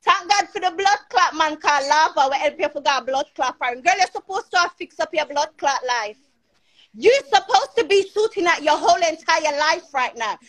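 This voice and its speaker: A woman's voice: high-pitched, lively intonation, normal speed, a bit bright. A woman, arguing and cursing on a live stream, boastful and confrontational. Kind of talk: heated live-stream argument. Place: at home in the UK.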